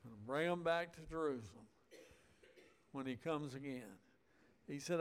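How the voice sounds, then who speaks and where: Reading scripture aloud and then explaining it, a man preaches in a folksy, deliberate manner, stretching out words for emphasis. His voice is a little high and animated.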